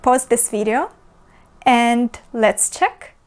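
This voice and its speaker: A woman teaching pronunciation. She explains patiently, fills pauses with "uh" and repeats the example sounds. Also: fairly high pitch, expressive, smooth. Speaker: language teacher. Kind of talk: pronunciation lesson.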